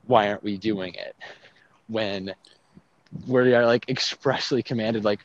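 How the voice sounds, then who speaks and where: A man's voice: lowish voice, steady tone, unhurried, pauses often. A young man in casual faith conversation, talking animatedly with many fillers and laughs, outdoors near traffic. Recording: dull lo-fi sound with faint traffic noise.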